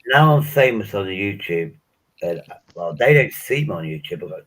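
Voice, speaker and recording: A man's voice: sits low, big pitch swings, moderate pace, fairly bright tone, low-quality recording. A man in a casual group chat, rambling through jokes and wild hypotheticals with plenty of swearing.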